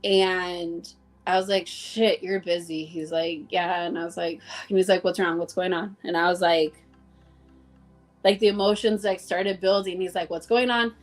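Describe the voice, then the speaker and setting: A woman's voice: on the low side, level tone, moderate pace, faint music behind. A woman guest in a casual conversation, telling heartfelt stories about coworkers, acting out the dialogue and using plenty of "like.". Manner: heartfelt storytelling, acting out dialogue, many "like" fillers. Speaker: interview guest.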